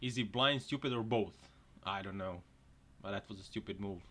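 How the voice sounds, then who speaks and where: A man hosting a casual video, laughing often and shouting at what he sees on screen, joking as he goes. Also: fairly low pitch, normal speed. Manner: laughs often, exclaims loudly at crashes; jokey, slips into silly put-on voices. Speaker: host. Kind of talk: casual commentary over clips. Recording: noisy background.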